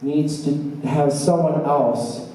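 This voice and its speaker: A man doing a stand-up set at an open mic, with a halting, meandering delivery full of fillers and trailing asides. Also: on the high side, dark tone. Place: small bar open mic stage, indoors. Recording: echoey bar from a distant camera with faint room noise.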